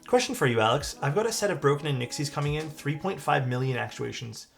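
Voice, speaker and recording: Speaking fast in a fairly high, creaky voice with lively intonation, a man with a Canadian accent answers viewer questions about keyboard parts. It's a casual live-stream chat, with faint music in the background.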